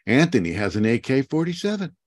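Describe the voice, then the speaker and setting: A fast-talking American man with a medium-pitched voice and no room sound is a spiritual teacher chatting casually over a video call. He rambles, chuckles often, and drifts into animated asides.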